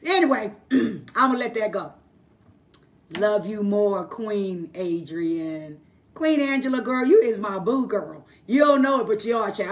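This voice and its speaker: A woman delivers a livestreamed Bible teaching in a voice worn hoarse. She preaches emphatically and folksily, pitched in the middle for a woman, and punctuates her points with call-and-response asides. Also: expressive, unhurried, recorded from a distance. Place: live online broadcast.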